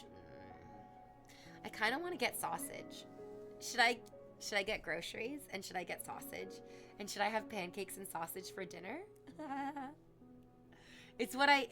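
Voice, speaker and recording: A woman livestreamer talks casually to her chat, her thoughts rambling from one to the next. She gushes and sometimes slips into cooing baby talk. Music plays clearly in the background. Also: medium pitch, animated, normal speed, sharp tone.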